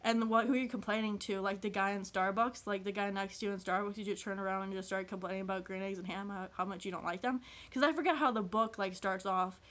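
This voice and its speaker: A woman's voice: mid-range voice, fairly even intonation, quick pace, few pauses, a bit bright. A woman vlogger rambling through a comedic monologue, full of filler words and frequent laughs. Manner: meandering, constant filler "like", laughs often.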